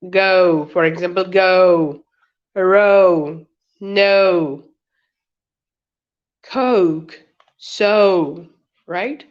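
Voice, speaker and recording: Slow-drilling woman teaching pronunciation. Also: mid-range voice, muffled recording. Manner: slow, drawn-out word drills with repeated examples. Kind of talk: online webinar lesson.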